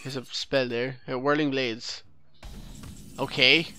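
A medium-pitched man speaks in a level tone and takes it slowly, his voice pushed, bright, and smooth. Hosting a let's play of his card game run, he thinks aloud, self-corrects mid-sentence, and critiques how his opponent plays.

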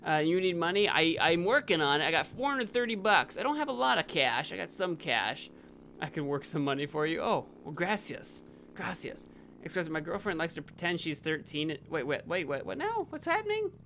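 A young man streams a video game live, rambling and correcting himself, then bursting out with sudden excitement. His voice is a little high and brisk, with a faint hiss or hum in the audio.

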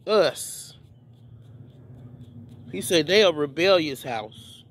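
A man with a notably high voice delivers an informal video sermon. He preaches fervently, circling back on his words and repeating phrases for emphasis. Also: animated, very slow, slight background noise. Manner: fervent, repetitive, many restarts.

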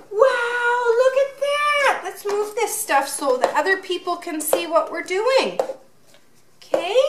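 A mother films herself playing with her toddler in an unboxing and play vlog, cheering him on and asking lots of questions in a sing-song voice. Her voice is very high-pitched and fairly bright, with a little hiss or hum. The recording sounds roomy, as if the mic is some distance away.

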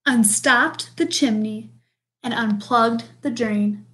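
A woman reading a picture book aloud in a bright, high voice. She paces the story slowly and lingers on each phrase. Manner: slow, expressive read-aloud delivery. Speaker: storybook reader.

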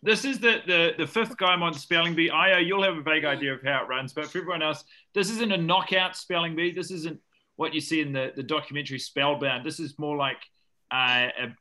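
A man's voice: on the high side, brisk, pushed and bright. A man with a New Zealand accent, hosting a comedy spelling bee over a video call in a dry, joking, chatty way. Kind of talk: casual comedic game-show hosting.

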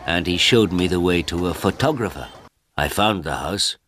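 A man narrating a story in the first person for English learners, in simple, clear sentences. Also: deep voice, lively intonation, moderate pace, fairly bright tone, a little hiss or hum.

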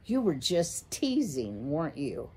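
A woman's voice: low voice, huge pitch swings, unhurried, dark tone, husky, heavily acted. A woman reading a storybook aloud, voicing a timid father deer mouse who stammers and hesitates. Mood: nervous.

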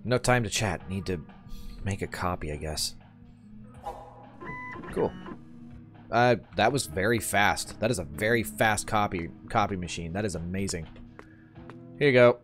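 A man giving casual gameplay commentary, relaxed and wry, thinking aloud as he plays. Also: low voice, unhurried, pauses often, over music. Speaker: gamer, channel host.

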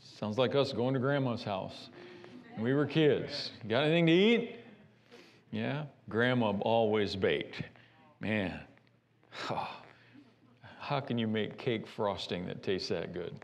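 Gravelly-voiced preaching pastor. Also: male voice, fairly low pitch, takes it slowly. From United States. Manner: animated preaching with repeated restarts. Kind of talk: sermon. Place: church sanctuary.

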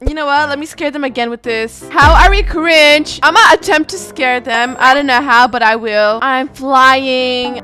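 Sassy high bright-voiced woman gamer. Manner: sassy, teasing, playful. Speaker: gaming video host. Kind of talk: let's-play commentary reading chat aloud.

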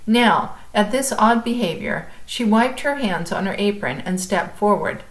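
A woman calmly reading a chapter book aloud, as if to a class. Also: mid-range voice, low-quality recording. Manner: calm, measured storytelling.

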